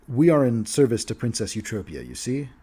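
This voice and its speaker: A man's voice: mid-range voice, very animated, brisk, warm tone, slightly rough. A man voicing an earnest noble diplomat.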